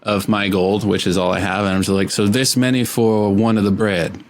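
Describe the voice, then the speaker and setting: A man's voice: fairly low pitch, level tone, moderate pace, slight background noise. A man playing a tabletop game, talking in a chatty, hesitant way and stepping into his character. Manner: hesitant, chatty, with many restarts. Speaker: player.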